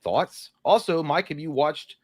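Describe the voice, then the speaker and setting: A man's voice: fairly high pitch, unhurried, no room sound. A man co-hosting a casual livestream, reading viewer questions aloud and joking about them in a loose, profane way. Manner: jokey, profane, reads viewer messages aloud. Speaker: podcast co-host reading chat questions.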